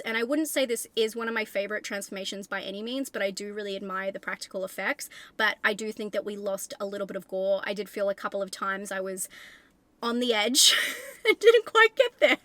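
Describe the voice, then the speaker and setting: A woman's voice: medium pitch, bright, forceful tone, no room sound. A young Australian woman giving a casual, enthusiastic spoken review of a horror film, chatty, with frequent fillers and restarts.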